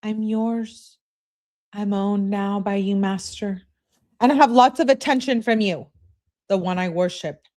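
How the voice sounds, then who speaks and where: A woman's voice: medium pitch, measured pace, darkish tone, lightly acted. A woman reading out the lines of a submissive young woman who pleads and apologizes. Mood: apologetic.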